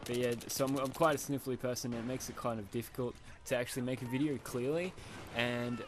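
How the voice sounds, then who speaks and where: A man's voice: medium pitch, fairly even intonation, fast, slight background noise. Rambling young Australian man with a slight lisp. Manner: rambling, self-deprecating, many fillers. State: sniffly from hay fever. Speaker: gamer. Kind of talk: casual gameplay commentary.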